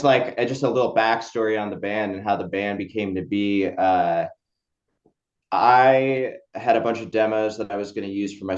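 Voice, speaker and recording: A man's voice: deep voice, highs cut off. A man who is a guitarist, telling a story as a podcast guest in a loose, rambling way with lots of fillers. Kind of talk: casual interview chat.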